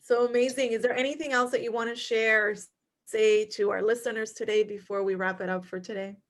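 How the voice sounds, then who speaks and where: A woman's voice: fairly high pitch, steady tone, fairly quick. A woman hosting a podcast, gushing with praise and reacting with many wows. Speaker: podcast host. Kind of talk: casual podcast interview.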